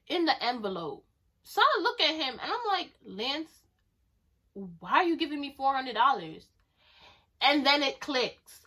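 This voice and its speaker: A young woman telling a storytime vlog story in a casual, slangy way, animated and quick to burst out laughing. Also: sits high. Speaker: vlogger.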